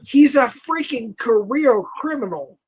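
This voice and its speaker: Slow, halting man on a livestream. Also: very high-pitched, lively intonation, a little hiss or hum, poor audio. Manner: slow, halting, many restarts and fillers. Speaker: livestream guest. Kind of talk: casual live-stream chat.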